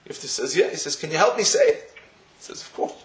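A man's voice: fairly high pitch, huge pitch swings, fast, a bit bright, roomy sound. A man giving a sermon, telling a story and acting out the dialogue in it. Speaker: rabbi giving a talk.

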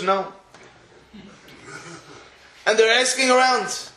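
A man's voice: high-pitched, moderate pace, long pauses, pushed and bright, roomy sound. A man giving a sermon, telling a story and acting out the dialogue in it. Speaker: rabbi giving a talk.

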